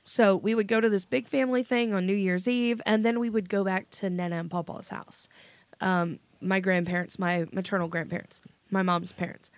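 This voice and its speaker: A woman's voice: medium pitch, fairly even intonation, moderate pace, no echo. A woman in her thirties co-hosting a podcast in casual chat, chatty and giggly, swearing freely. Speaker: podcast co-host.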